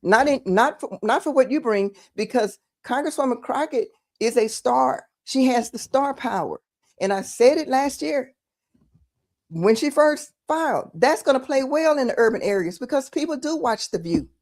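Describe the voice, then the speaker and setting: A woman's voice: high voice, lively intonation, moderate pace, a little mellow. A Texan woman giving casual political commentary, emphatic and repeating words for stress. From Texas.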